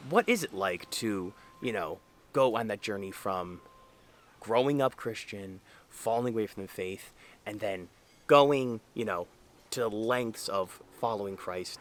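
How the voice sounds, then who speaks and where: There's slight background noise as a young Catholic man with a somewhat bright, mid-range voice talks casually to the camera about faith. He speaks earnestly and conversationally, often using fillers.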